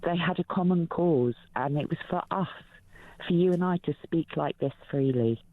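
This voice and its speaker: A woman in her fifties calling in to a talk show, speaking emotionally and haltingly with many fillers. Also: sits low. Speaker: caller. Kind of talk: phone-in call. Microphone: telephone. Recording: tinny phone line.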